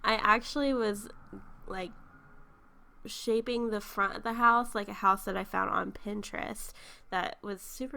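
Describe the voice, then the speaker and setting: A woman's voice: medium pitch, gravelly, bright, forceful tone. A young woman talking casually over her game footage, stuffy and congested from a sinus infection and just out of bed, chatty, with frequent ums and small laughs. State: just woken up. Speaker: YouTuber narrating a speed build.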